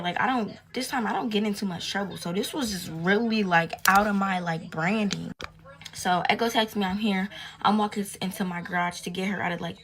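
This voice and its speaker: A young woman telling a storytime tale in casual, slangy, profane talk, retelling events with drama. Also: mid-range voice. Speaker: storytime vlogger.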